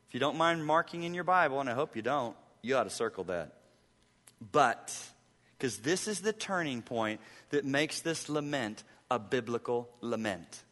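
A high, bright-voiced male pastor preaching to his congregation. He drops to near-whispers, then climbs into fervent, ringing appeals. The sound carries a long hall reverb. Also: animated, a little slow. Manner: preaching with wide swings from hushed to impassioned. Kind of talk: sermon.

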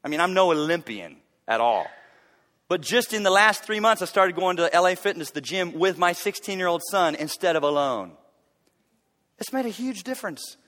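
A man in his forties delivers a sermon from the pulpit, his voice high and bright. He tells stories in an animated way and breaks into loud bursts as he acts them out. The hall adds a long echo behind him. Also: normal speed. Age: 40s. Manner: animated storytelling, acting out bursts of loud effort. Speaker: pastor. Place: church sanctuary.

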